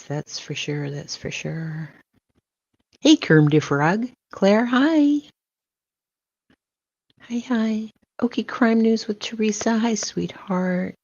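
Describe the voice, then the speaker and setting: A woman's voice: fairly low pitch, a little mellow, no echo. An older woman hosting a livestream, greeting viewers one by one and calling them sweetheart and baby. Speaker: livestream host. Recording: dull lo-fi sound.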